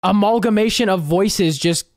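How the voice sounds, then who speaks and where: A music producer giving casual, emphatic reaction commentary, excitable and given to repeating words and swearing. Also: mid-range voice, normal speed, no room sound, clean studio sound. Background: game chase music playing faintly.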